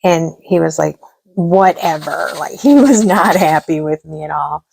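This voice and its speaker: A woman's voice: low voice, measured pace, creaky, a little mellow, breathy edge. A middle-aged woman telling a rambling story at home in a casual, chatty way, quoting other people as she goes. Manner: chatty, rambling, with laughs and quoted dialogue. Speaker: craft vlogger. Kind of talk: casual storytelling while crafting.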